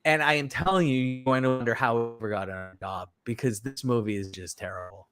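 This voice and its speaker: A man co-hosting a podcast, chatting casually about a movie in a rambling, animated way full of fillers and restarts. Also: medium pitch, fast, clean tone, dry recording. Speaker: podcast co-host. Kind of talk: casual film review chat.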